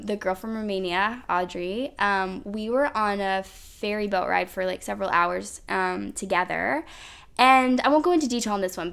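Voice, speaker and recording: A woman's voice: mid-range voice, fairly bright tone. A woman hosting a podcast, telling a personal story in a chatty way full of "like" and "um". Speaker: podcast host. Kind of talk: casual storytelling.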